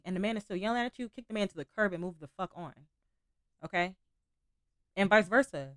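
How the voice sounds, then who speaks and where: A woman's voice: medium pitch, animated, fairly quick, a bit bright, no room sound, clean studio sound. A young woman hosting a podcast, talking candidly and casually about relationships, with some swearing. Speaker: podcast host.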